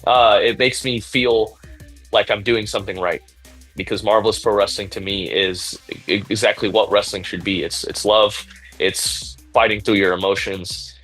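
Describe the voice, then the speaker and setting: A man's voice: low voice, fairly bright tone, rough recording. A man being interviewed as a pro wrestler, tired after training, rambling, laughing between thoughts and speaking from the heart. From Puerto Rico and United States. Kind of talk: casual interview answers.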